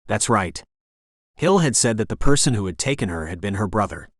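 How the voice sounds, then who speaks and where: A man narrating a romance audiobook in the first person with steady, intense storytelling on a close studio mic. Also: lowish voice, a little fast, dry recording.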